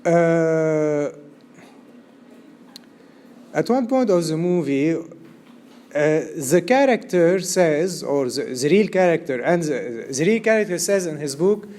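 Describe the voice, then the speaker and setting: A man's voice: a little high, animated, measured pace, darkish tone. A man giving an art lecture, talking discursively with many fillers and often checking that his students are following. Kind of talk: recorded university-style lecture.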